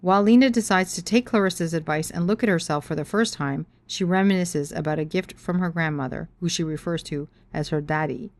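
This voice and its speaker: A woman with a lowish, darkish voice talks fairly quickly and hardly pauses. She's a podcast host and author sharing a personal story in a frank, expressive way, with explicit language, mixing storytelling and reading aloud.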